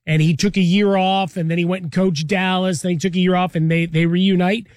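Easygoing high-voiced male co-host. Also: fairly quick, no room sound, clean studio sound. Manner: relaxed, rambling, uses folksy analogies. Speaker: sports talk show co-host. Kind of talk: conversational sports radio analysis.

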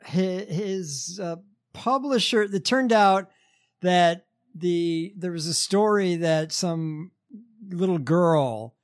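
A man hosting a casual podcast chat, telling stories in a halting, sardonic way. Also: high voice. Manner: storytelling, halting with fillers, sardonic. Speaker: podcast host.

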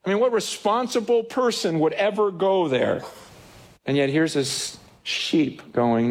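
Pastor, male, fairly high voice, heartfelt sermon delivery with quoted inner dialogue. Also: measured pace. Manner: earnest, self-questioning preaching with acted-out inner voices.

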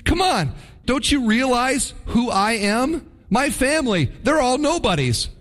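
A man's voice: high voice, sing-song, measured pace, a bit bright, in a large hall, voice pushed up, heavily acted. A man voicing a whining, reluctant young farmer who pleads and complains.

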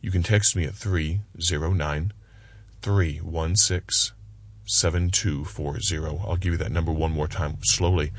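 A man closing a religious broadcast with a slow, gentle, earnest appeal. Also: very deep voice, steady tone, no echo. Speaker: radio broadcast host. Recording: music bed under the voice.

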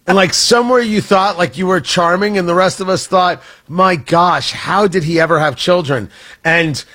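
A radio host with an American Midwest accent jokes through on-air banter, often laughing and poking fun at himself. His voice is high, bright, and pushed, moving at a moderate pace.

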